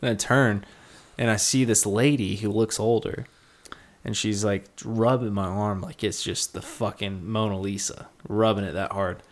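A man's voice: on the low side, fairly even intonation, normal speed. Man, twenties, podcast co-host, rambling, swears a lot, laughs as he talks. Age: 20s. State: slightly tipsy. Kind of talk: casual storytelling.

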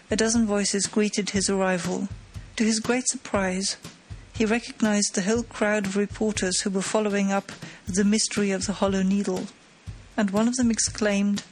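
A woman narrating an audiobook of a classic mystery in a measured, dramatic storytelling manner. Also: mid-range voice, flat delivery, darkish tone, soft background music, poor audio. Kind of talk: scripted narration.

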